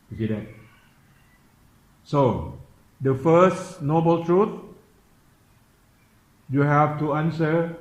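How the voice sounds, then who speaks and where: A man giving a Buddhist dharma talk, slowly and repetitively questioning his listeners in simple English. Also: mid-range voice. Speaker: Buddhist meditation teacher. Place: temple teaching hall. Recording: echoey, dull room recording.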